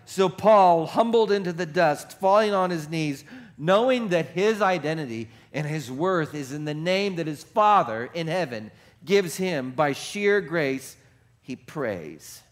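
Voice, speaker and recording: A man pastor preaching a sermon, moving from hushed, reflective passages to shouted, rapid-fire exclamations, and putting questions to the congregation. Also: a little high, lively intonation.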